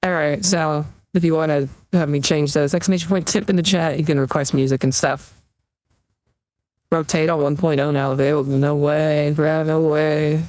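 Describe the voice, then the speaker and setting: A man's voice: on the high side, fairly even intonation, normal speed, darkish tone, no echo, poor audio. A young man streaming, chatting casually and rambling while he reads out donations, into a desktop USB mic. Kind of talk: casual livestream chat.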